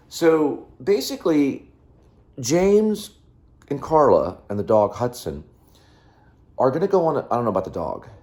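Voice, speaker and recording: In a casual apartment vlog shot selfie-style on a handheld phone, the host rambles and keeps interrupting himself while hopping between subjects. He has a medium-pitched, darkish voice.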